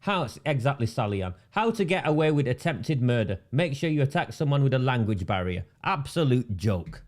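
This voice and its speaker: A man's voice: mid-range voice, very animated, moderate pace, hardly any pauses. A man, delivering a sarcastic, indignant rant and repeating phrases for emphasis. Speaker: independent political commentator. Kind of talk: ranting monologue.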